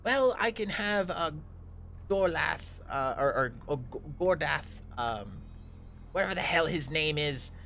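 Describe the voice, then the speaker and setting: A greedy, scheming drow lord with a high, sly voice that climbs far above a normal man's, loud and pushy, as a man puts him on. He sounds like a villain in a tabletop game, eager to cheat whoever is in front of him. The sound is a bit roomy, with a faint hum behind it. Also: animated, unhurried, gravelly, exaggerated voice.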